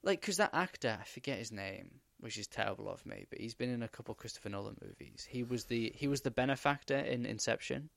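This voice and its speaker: A man hosting a podcast, telling stories in a rambling, animated way with many fillers. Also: mid-range voice, fast talker, vocal fry, hardly any pauses, no room sound. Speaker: podcast host. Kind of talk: casual chat.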